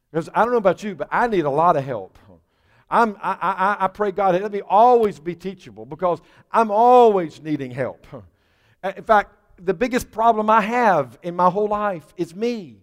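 A man's voice: sits high, moderate pace. A man preaching a sermon as pastor, folksy and conversational, building to fervent prayer. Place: church sanctuary. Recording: church hall reverb.

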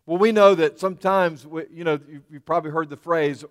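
A man delivering a sermon in a smooth, resonant voice pitched a little high. He preaches earnestly, repeating key words for emphasis. His voice rings with a long reverb, as if in a church hall. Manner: earnest, repetitive preaching with restarts and emphatic pauses. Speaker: pastor.

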